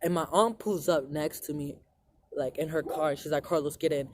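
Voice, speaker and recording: A young man with a slightly raised voice tells a long personal story straight to his viewers. He rambles and swears, with "like" in nearly every sentence. Steady noise runs behind him. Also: on the high side, normal speed. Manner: rambling, profane, lots of "like" fillers. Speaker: vlogger. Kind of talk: casual storytelling to camera.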